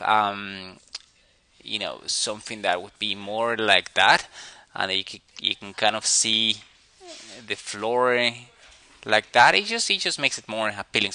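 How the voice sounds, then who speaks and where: Halting, forceful-toned man critiquing animation. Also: lowish voice, rough recording. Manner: thinking aloud, halting with fillers. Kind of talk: portfolio critique while drawing.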